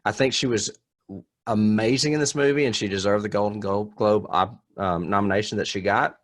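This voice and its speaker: A man's voice: fairly low pitch, steady tone, fairly quick, dry recording, studio quality. A man co-hosting a podcast, chatting casually and bluntly about a film. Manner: opinionated, blunt. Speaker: podcast co-host.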